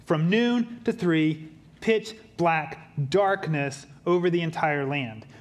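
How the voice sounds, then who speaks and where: A pastor preaching a sermon, moving between quiet, low emphasis and lively, humorous, conversational asides. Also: male voice, slow.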